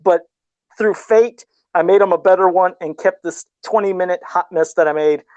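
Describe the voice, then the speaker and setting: A man's voice: sits high, moderate pace, darkish tone, dry recording, muffled recording. A middle-aged man in casual podcast chat, laid-back and self-deprecating, often laughing at himself while talking about toy customs.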